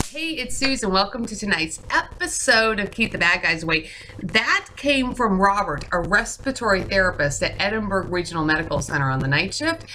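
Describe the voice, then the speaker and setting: A woman telling an indignant story to camera in a casual vlog, acting out what others said in animated bursts. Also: mid-range voice, brisk, a little hiss or hum, rough recording. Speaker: vlogger.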